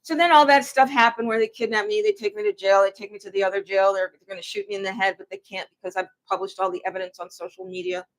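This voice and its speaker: A woman recounting her own hard experiences in a personal, emotional way, with halting restarts. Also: medium pitch, fairly even intonation. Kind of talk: personal account to camera.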